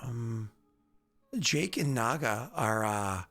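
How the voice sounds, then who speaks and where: A man's voice: medium pitch, expressive, slow, fairly bright tone, faint music behind. A man running a tabletop game as game master, chatty and rambling, with many fillers.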